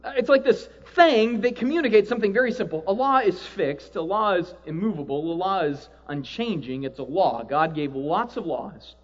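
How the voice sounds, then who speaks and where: A man preaching a sermon to a live audience, animated, acting out quoted voices and often asking "right?". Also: high-pitched, normal speed, few pauses, highs cut off. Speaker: pastor.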